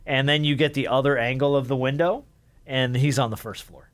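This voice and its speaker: A man co-hosting a podcast, chatting casually with quick jokes and wry asides. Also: mid-range voice, a bit bright. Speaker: podcast co-host. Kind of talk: casual chat.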